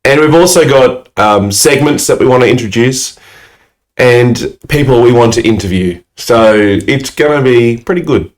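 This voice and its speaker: A man talks loudly and eagerly into a close podcast mic. His voice sits at an ordinary male pitch, and his chat runs casual and passionate, with quick laughs mixed in. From Australia. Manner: loud, excitable, laughs a lot. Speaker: podcast co-host.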